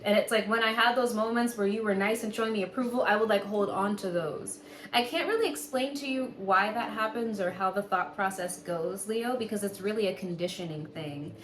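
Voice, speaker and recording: A woman's voice: medium pitch, a bit bright, echoey room, slight background noise. A woman giving a casual, candid astrology reading, swearing freely and laughing often. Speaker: tarot reader.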